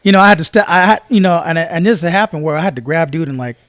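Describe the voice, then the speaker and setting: A man's voice: fairly high pitch, fast, no room sound, clean studio sound. A man co-hosting a podcast, chatting casually and acting out the people in his stories. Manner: animated storyteller, acts out voices of people in his stories. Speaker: podcast co-host. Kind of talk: casual chat, storytelling.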